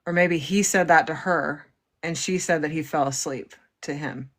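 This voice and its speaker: A woman hosting a livestream, calmly paraphrasing and explaining what her guest says. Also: deep voice, normal speed. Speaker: livestream host. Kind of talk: relaying and explaining a guest's words.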